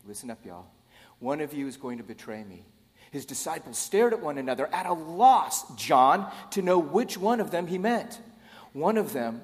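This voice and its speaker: A man preaching a sermon in a casual, conversational way, with joking asides to the congregation. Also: mid-range voice. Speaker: pastor. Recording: long hall reverb.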